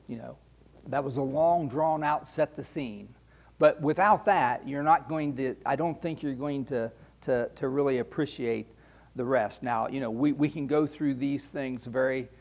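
A middle-aged man preaching a Bible lesson at an unhurried pace. His voice sits a touch higher than most men's, and he talks in a loose, conversational way, circling back and repeating words as he finds his phrasing. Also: a little mellow. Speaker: Bible teacher. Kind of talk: sermon.

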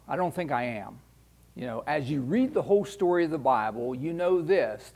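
A man's voice: on the high side, breathy edge. A middle-aged man teaching scripture in a conversational sermon style, often repeating words as he searches for the phrase. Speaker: Bible teacher.

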